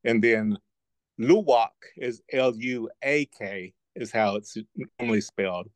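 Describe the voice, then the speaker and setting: A man from southeastern Oklahoma co-hosting a podcast, explaining things thoughtfully with slow restarts. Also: medium pitch, no room sound. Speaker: podcast co-host. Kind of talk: casual discussion.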